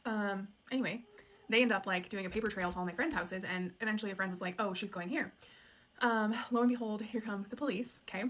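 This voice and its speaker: A woman in her late twenties shares a story from her childhood, speaking fast in a medium-pitched, fairly bright voice. She's candid and conversational, with lots of "um" and "like" fillers.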